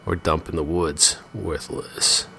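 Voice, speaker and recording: A man reading a shaken young man who believes he is dead, swinging from rising panic to low mumbling. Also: big pitch swings, very slow, pushed and bright, a little hiss or hum, exaggerated voice. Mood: muttering.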